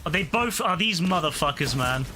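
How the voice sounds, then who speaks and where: With a fairly high, lively voice at a normal speed, a young gaming streamer chats casually while playing. He's blunt, swears freely, and rambles through his opinions, with background noise audible.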